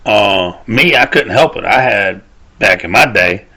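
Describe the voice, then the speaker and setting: A man's voice: fairly low pitch, animated, measured pace, pushed and bright, breathy edge. A man, hosting a casual rant show, rambling and cursing as he laughs at his own stories. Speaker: podcast host. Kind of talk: casual ranting monologue.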